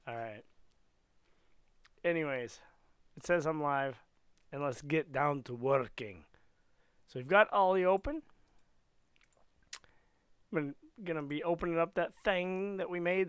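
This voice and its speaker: A man's voice: a little high, takes it slowly, long pauses, a bit bright, clear, resonant tone, no echo. A man streaming a casual coding lesson, playful and rambling, slipping into silly voices as he works.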